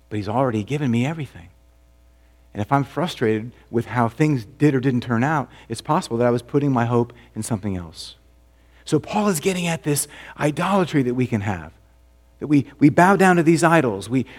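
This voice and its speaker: A man pastor delivering a conversational sermon, asking rhetorical questions and dropping to a soft, low voice for emphasis.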